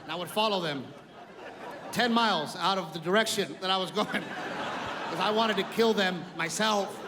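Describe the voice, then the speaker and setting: A male comedian tells profane stories on a live stage through a handheld mic. His voice sits high, and the big hall's reverb trails each line. Audience laughter and room noise keep rolling. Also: normal speed. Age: adult, older than in youth. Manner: profane, storytelling. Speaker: stand-up comedian. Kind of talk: stand-up comedy. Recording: live club, reverb and crowd.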